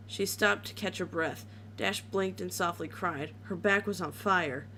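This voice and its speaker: A woman's voice: fairly low pitch, unhurried, pushed and bright, slight background noise. A woman reading a horror story aloud in a casual way, with small slips and restarts.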